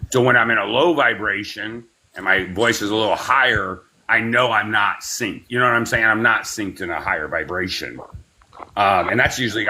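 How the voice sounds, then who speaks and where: Low-voiced man guiding a breathing class. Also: pushed and bright. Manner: meandering, unhurried talk with many fillers; slow, soothing breathing cues. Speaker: spiritual class leader. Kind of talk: guided breathing meditation class.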